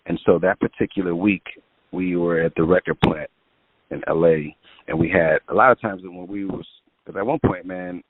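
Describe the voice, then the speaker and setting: A man's voice: low-pitched, steady tone, normal speed, no room sound. A man, a music producer guest, telling long casual stories in an interview with many fillers. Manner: rambling anecdotes with many fillers. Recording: tinny phone-line sound.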